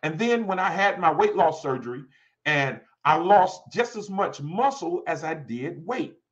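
Animated forty-something preacher, high lively voice. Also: male voice, measured pace, lo-fi sound. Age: 40s. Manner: lively, talks to the congregation, repeats "all right?". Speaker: pastor. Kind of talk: conversational Bible teaching. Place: church.

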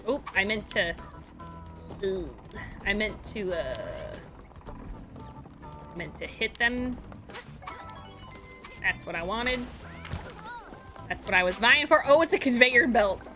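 A woman's voice: mid-range voice, very animated, slow, long pauses, over music. A young adult woman streaming a game, joking playfully and talking to her chat. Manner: playful, jokey, talks to chat. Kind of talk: casual gameplay commentary.

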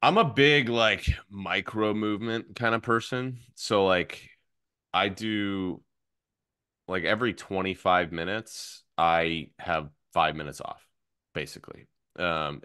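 A man in his thirties, a podcast guest and fitness coach, telling animated stories with lots of fillers and quick swings between excitement and hushed asides. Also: sits low, clean tone, dry recording, studio quality. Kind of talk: casual podcast chat.

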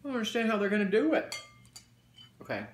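A man's voice: sits high, very animated, quick pace. Chatty man in a roomy echo. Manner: chatty, folksy, addresses viewers as y'all. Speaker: mukbang vlogger. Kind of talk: casual chat while eating. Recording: roomy echo, faint background noise.

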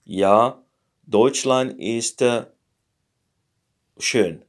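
A man teaching a casual lesson, thinking aloud in a halting way and sounding out foreign words slowly. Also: medium pitch. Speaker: language learner teaching a lesson. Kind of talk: casual screen-recorded lesson.

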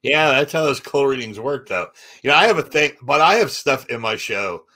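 A man's voice: mid-range voice, expressive, normal speed, bright, forceful tone. A man, a comedian, telling stories animatedly in a podcast chat and acting out other people's lines. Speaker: comedian and guest.

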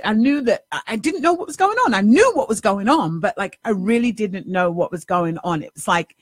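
A middle-aged woman life coach telling a personal story in a lively, repetitive way, often tossing in a rhetorical "right?". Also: mid-range voice, dry recording, studio quality. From New York City. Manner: animated, repeats herself, rhetorical "right?" asides.

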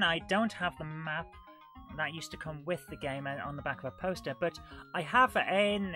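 A woman talks a live retro game stream, chatty and self-mocking as she greets viewers in the chat. Her voice is bright and forward, with faint music playing behind her. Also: lowish voice. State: coughing and out of breath. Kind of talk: live gameplay commentary.

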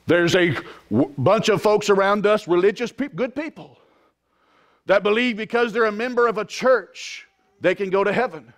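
A man preaching a sermon as pastor, swinging from quiet, drawn-out lines to loud shouted climaxes. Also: sits high. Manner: impassioned preaching, rising to shouts.

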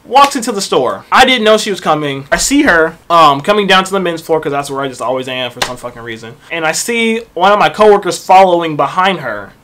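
A young man recounts a retail job story in a loose, profane rant. His voice sits high for a man, and he keeps slipping into quiet, low mutters for his side comments. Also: brisk, few pauses, a little hiss or hum. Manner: profane, animated, drops to low mutters for asides. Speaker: vlogger telling a work story.

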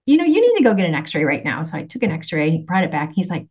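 A woman's voice: on the low side, big pitch swings, fast, darkish tone, breathy edge. A middle-aged woman speaks in a chatty, storytelling manner, laughing often as she acts out what people said. The recording sounds a little dull and lo-fi. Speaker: nutritionist presenter. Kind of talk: casual health talk with slides.

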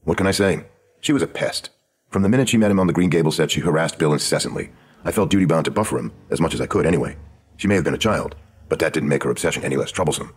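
A man voicing a sharp, sardonic woman screenwriter of the 1920s in a true crime audio drama, with a dry, knowing manner. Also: very deep voice, rapid-fire, slightly rough, full character voice. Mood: confiding.

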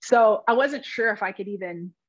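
A woman in her thirties, a real estate agent and podcast guest, candidly telling her own story with quick asides and self-deprecating humor. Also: medium pitch, dull audio.

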